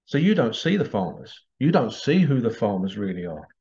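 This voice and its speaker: A man's voice: fairly low pitch, very animated, moderate pace, darkish tone. A man talking in a rambling, casual monologue, chuckling now and then. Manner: rambling, chuckling, acts out bits in funny voices. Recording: slightly dull lo-fi audio.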